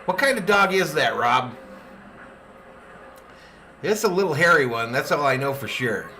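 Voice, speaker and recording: A man with a fairly high voice and a measured pace hosts a fan watch party, calling plays live and reading chat. He's animated and jokey, reading chat names aloud as he does play-by-play, with a little hiss or hum in the recording.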